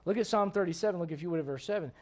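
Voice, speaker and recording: A man preaching a sermon as pastor of a church, emphatic and swinging between loud bursts and low asides. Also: very fast.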